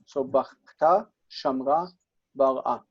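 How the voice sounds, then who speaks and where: A man's voice: medium pitch, slow pace, breathy edge, dull audio. A man tutoring Biblical Hebrew grammar, patient and explanatory, checking in often with his students. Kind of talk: online tutoring session.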